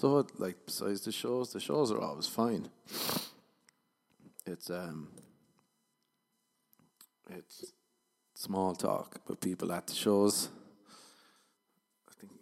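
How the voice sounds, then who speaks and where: This young Irish stand-up comedian hosts his own podcast, rambling through a profane, self-deprecating monologue in a voice worn tired from overuse. His pitch is lowish, his pace a touch slow, and his tone creaky and somewhat mellow, broken by long pauses.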